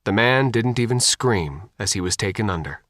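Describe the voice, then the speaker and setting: A man narrating an audiobook in an expressive, animated reading. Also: lowish voice, moderate pace, dry recording, studio quality.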